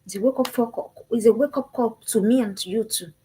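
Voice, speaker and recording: A woman's voice: a little high, fairly quick, mellow, slight background noise, low-quality recording. A woman gives an impassioned motivational talk to parents. She speaks emphatically and repeats her calls to action.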